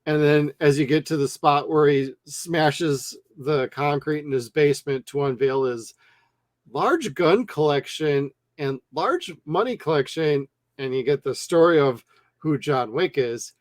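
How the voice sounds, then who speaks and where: A man co-hosting a movie review show, talking casually and bluntly with lots of swearing and animated retellings. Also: a little high, measured pace, no room sound, clean studio sound. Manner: blunt, profane, animated storytelling. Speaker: movie review podcast co-host.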